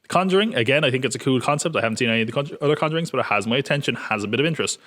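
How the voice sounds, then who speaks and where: A man's voice: mid-range voice, animated, racing, a bit bright. A man hosting a podcast, chatting casually and wryly about upcoming films and poking fun at his own jokes. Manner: wry, self-mocking, joking. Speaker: podcast host. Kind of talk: casual film preview chat.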